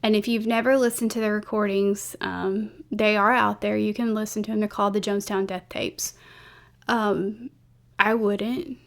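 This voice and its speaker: A woman host casually tells a true-crime story to camera, loose and chatty, with plenty of fillers and restarts. Her middle-pitched voice has a level tone, moderate pace and vocal fry, and she is blunt and openly emotional about what she describes.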